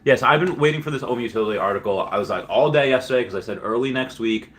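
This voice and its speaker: Rambling man with a bright, forceful voice. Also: medium pitch, racing. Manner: rambling, filler-heavy storytelling. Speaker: livestream host. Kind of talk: casual livestream chat.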